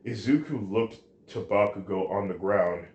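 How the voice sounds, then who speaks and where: A man reading a fan story aloud, halting now and then with restarts. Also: lowish voice, darkish tone, lo-fi sound. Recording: roomy echo.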